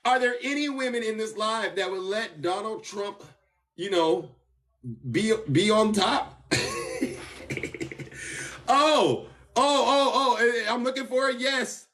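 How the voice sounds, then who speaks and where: A man hosting a casual political commentary livestream, animated and teasing, breaking into laughter and whoops. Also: sits high, slow, pauses often, far from the mic. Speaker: TikTok live host. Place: car.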